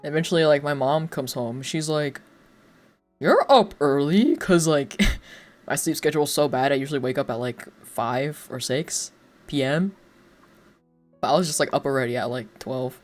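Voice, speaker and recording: A young man chats on his stream, winding through a story with constant fillers and quick laughs. His pitch sits at an everyday middle height. A little music plays quietly underneath. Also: fairly even intonation. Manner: rambling, filler-heavy, laughs often. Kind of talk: casual storytelling chat. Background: faint music.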